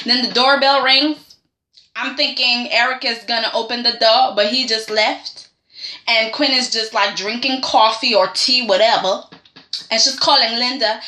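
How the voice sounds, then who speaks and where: A woman's voice: on the high side, steady tone, moderate pace, pushed and bright. A woman giving a sassy, chatty recap of a soap episode, full of "like" and "okay?", in a roomy recording. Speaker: soap opera reviewer. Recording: roomy echo.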